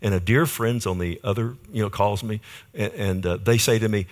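Lower-voiced man preaching a sermon. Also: moderate pace. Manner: storytelling, quoting others with lively swings of pitch and volume. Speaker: pastor.

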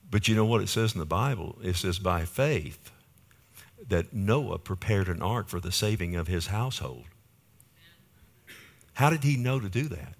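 A man preaching with emphatic, repeated phrases, pressing each point home and seeking the congregation's agreement. His speaking voice sits on the low side. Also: animated, moderate pace, long pauses. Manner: emphatic, repeats key phrases, calls for amen. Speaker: pastor. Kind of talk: sermon.

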